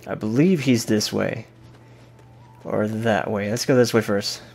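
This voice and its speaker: A man's voice: lowish voice, a little slow, vocal fry, a little mellow, soft background music. A man giving casual let's-play commentary, joking and rambling and swearing freely as he plays. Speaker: gameplay commentator.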